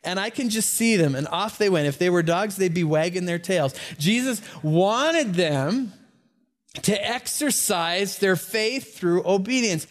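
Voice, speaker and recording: Animated high-voiced male pastor preaching. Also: unhurried. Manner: storytelling, animated with asides and small laughs. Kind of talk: sermon.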